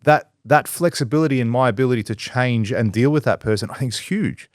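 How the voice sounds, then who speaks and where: A man's voice: medium pitch, quick pace, darkish tone, no room sound, clean studio sound. A man on a casual podcast, a business owner who talks bluntly, swears freely and acts out quotes.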